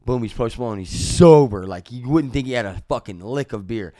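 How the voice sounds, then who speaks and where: A man from Missouri, a musician guest on a podcast, telling a story in a casual, profane way. He jumps into loud re-enactments of what was said. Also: medium pitch, animated, fairly quick, dry recording, clean studio sound. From Missouri, USA.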